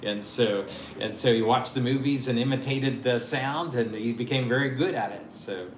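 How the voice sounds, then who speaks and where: A man's voice: mid-range voice, moderate pace. A man running a mock visa interview and coaching the applicant, encouraging and often repeating himself. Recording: echoey room with faint noise.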